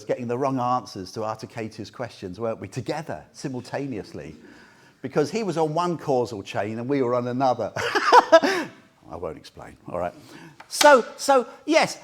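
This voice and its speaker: A man giving an informal Buddhist talk to a small group, chatty and joking, often quizzing his listeners. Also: high-pitched. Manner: chatty, jokey, asks the group questions. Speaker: Buddhist teacher. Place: meditation centre room.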